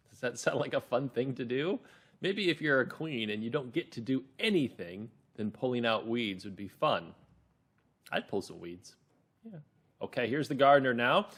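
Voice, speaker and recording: A man teaching a children's reading lesson, reading story lines aloud with big expression. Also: medium pitch. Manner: slow, expressive, reads lines dramatically. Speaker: teacher leading reader's theater.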